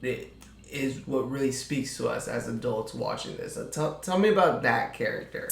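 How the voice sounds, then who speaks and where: A man's voice: medium pitch, animated, moderate pace, creaky. A man co-hosting a podcast, laid back and emphatic, often repeating phrases for effect. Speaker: podcast co-host. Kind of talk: casual chat. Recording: roomy echo.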